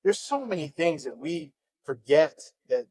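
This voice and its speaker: A middle-aged man speaks with a fairly high voice and a passionate, earnest delivery, restarting phrases for emphasis. The sound is dry and close, with no room around it. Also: sing-song, a little slow, darkish tone, slightly rough, no room sound, poor audio. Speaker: guest, youth advocate and foster parent. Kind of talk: heartfelt testimony in casual conversation.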